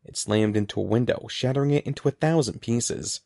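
A man reading a children's story aloud as scripted narration, in a lively, expressive way. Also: mid-range voice, brisk, creaky, no echo. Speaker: audiobook narrator.

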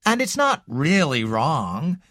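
Reader doing tense young man, urgent and bitter, insistent, lively raised voice, dry recording. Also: medium pitch, slow, no room sound.

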